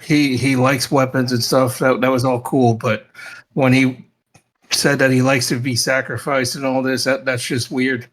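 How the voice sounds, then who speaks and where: A man playing a tabletop game, chatting casually with laughs and stammers, in a plain mid-pitched voice. He repeats words as he talks. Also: little pitch movement, moderate pace, a bit bright, poor audio. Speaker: player. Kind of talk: casual chat.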